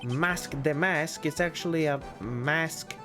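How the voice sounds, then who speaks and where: A woman's voice: low-pitched, slow pace, over music, voice pushed down. A woman reading a timid, crybaby young man aloud, stammering and hesitant, for a game playthrough. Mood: nervous.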